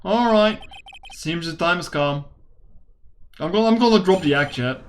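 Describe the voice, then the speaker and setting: A woman voicing a gruff young male police officer who puts on a cowboy drawl in a lowered voice. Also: lively intonation, moderate pace, lightly acted. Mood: brooding.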